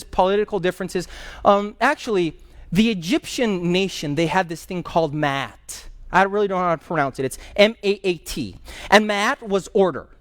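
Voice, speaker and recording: A pastor teaching a Bible class and taking questions from the group, telling stories with energy and repeating key phrases, sometimes stopping to search for a word. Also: male voice, high voice, a bit bright, no echo.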